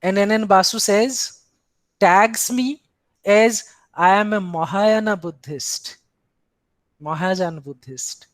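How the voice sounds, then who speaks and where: A man's voice: sits high, takes it slowly, pauses often, no echo. A man with an Indian English accent giving an academic philosophy lecture, posing rhetorical questions and speaking in the first person for the tradition he explains.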